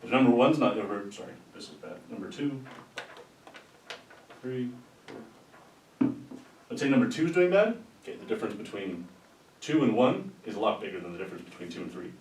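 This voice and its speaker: A man's voice: big pitch swings, normal speed, long pauses, a little mellow. A man giving an informal, rambling lecture, talking conversationally with restarts and asides. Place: lecture room. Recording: roomy sound from a distant mic with faint rumble.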